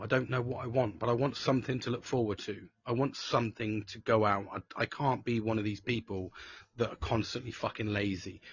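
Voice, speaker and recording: A man's voice: lowish voice, husky, muffled recording. A man hosting a live show, talking candidly and profanely about mental health, rambling with restarts. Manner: sweary, frank, rambling with restarts.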